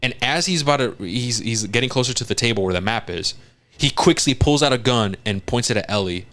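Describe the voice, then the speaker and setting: A man co-hosting a casual podcast, retelling a scene in animated detail, acting out lines and swearing often. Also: mid-range voice, brisk. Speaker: podcast co-host.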